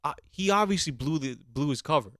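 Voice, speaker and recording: A man hosting a podcast, going on an animated, mock-outraged comedic rant with plenty of swearing. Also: a little high, brisk, no room sound, clean studio sound. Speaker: podcast host.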